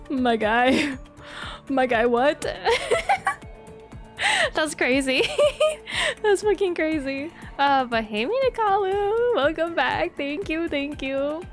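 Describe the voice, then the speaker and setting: A young woman streamer chats casually with a high voice, breaking into giggles again and again and swearing freely. Faint music plays quietly behind her. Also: big pitch swings, slow pace, pauses often.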